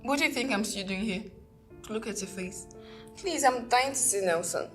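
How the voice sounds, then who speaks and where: A woman's voice: on the high side, normal speed, faint music behind, lightly acted. A woman playing a flirty, dramatic woman. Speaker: friend.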